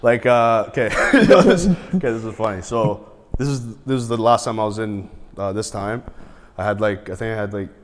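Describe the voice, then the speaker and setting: A man's voice: fairly low pitch, moderate pace, big-room sound. A man, a podcast guest, telling stories in casual, profane chat, often laughing and acting out what others said. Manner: profane, laughs mid-story, acts out quotes.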